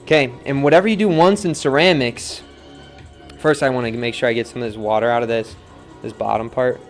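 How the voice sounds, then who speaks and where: A relaxed young man talks viewers through his work at the pottery wheel in an easygoing, chatty way, often trailing off into soft counting. His pitch sits in an ordinary middle range, and faint music plays behind him. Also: fairly quick. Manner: relaxed, chatty, reads viewer comments, counts aloud softly. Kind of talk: live-streamed pottery demo, casual teaching.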